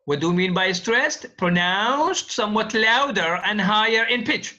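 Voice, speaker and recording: Slow, bright-voiced male lecturer. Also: high voice, lively intonation, muffled recording. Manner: slow, deliberate, repeats example words. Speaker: linguistics lecturer. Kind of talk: online university lecture.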